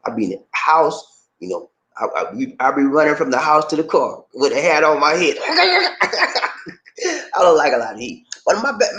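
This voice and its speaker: A man from Charleston, South Carolina, with a Gullah Geechee accent, chatting casually to camera in an animated, laughing way, full of slang like "man" and "baby". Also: on the high side. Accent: Gullah Geechee, South Carolina Lowcountry. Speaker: vlogger. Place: Philippines.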